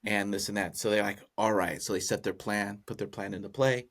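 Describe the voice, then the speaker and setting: A man's voice: on the low side, steady tone, fairly quick, fairly bright tone. A man hosting a podcast, casually retelling a folk tale with amused, rambling asides. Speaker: podcast host. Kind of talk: casual comedic storytelling.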